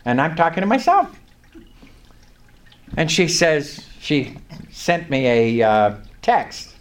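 An older speaker, giving a personal testimony to a small group in an animated storytelling way, acting out prayers and chuckling. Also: medium pitch, takes it slowly. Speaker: lay preacher sharing testimony.

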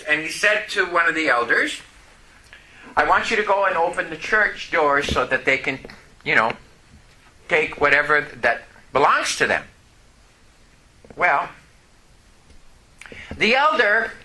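A man preaching a sermon, telling a story and rising to loud, impassioned outbursts. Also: high-pitched. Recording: echoey room.

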